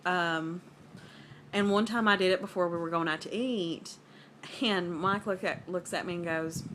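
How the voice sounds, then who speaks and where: A woman's voice: fairly low pitch, moderate pace, a bit bright, slight background noise. Rambling Southern woman vlogger. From American South. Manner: rambling, filler-heavy, conversational. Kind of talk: casual rambling chat. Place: at home.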